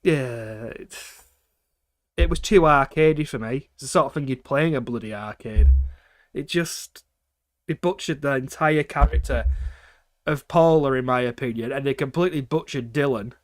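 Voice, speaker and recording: A man's voice: mid-range voice, normal speed, no echo. A man streaming games and chatting casually, ranting with frequent swearing and laughter between points. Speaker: game streamer. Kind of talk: casual livestream chat.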